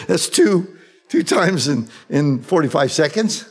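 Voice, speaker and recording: A man's voice: on the high side, unhurried, slightly rough, long reverb tail. A male pastor teaching a verse-by-verse Bible sermon in a conversational way, acting out the quotes. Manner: conversational, animated, acts out quotes.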